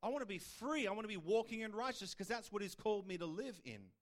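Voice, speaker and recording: Brief: male pastor, fairly high voice, chatty preaching with rhetorical questions. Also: big pitch swings, fast talker. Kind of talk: sermon.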